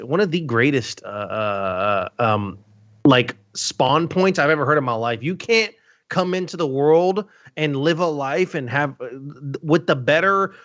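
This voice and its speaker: A man's voice: on the high side, a bit bright. A man from Brazil co-hosting a casual panel chat, rambling and joking with lots of fillers and restarts. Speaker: panel co-host. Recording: dull lo-fi stream audio.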